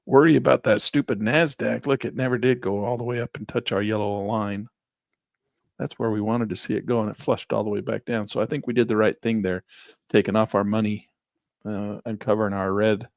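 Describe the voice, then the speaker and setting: A man with a gravelly voice teaches a live trading session over a headset mic. He chats casually and thinks aloud as he moves through charts. The sound is dry and close, with no room echo. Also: on the low side. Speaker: trading instructor. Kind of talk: live screen-share trading lesson. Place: small office near a parking lot.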